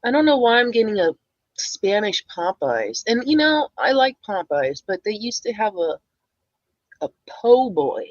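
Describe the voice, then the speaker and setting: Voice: mid-range voice, big pitch swings, unhurried, dry recording, muffled recording. A streamer giving casual, rambling reaction commentary, blunt and swearing often.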